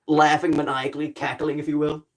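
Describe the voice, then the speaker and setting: A man's voice: fairly high pitch, monotone. A young man chatting casually on a livestream, rambling and playful, full of "like" fillers. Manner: rambling and playful, many "like" fillers, quick bursts. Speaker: streamer.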